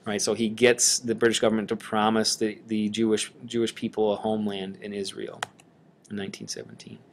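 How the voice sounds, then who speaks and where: A man's voice: lowish voice, a little fast, vocal fry, a little hiss or hum. A man teaching a history lesson in a casual screencast lecture, talking loosely while pointing things out on a map. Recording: voice-over on a screencast.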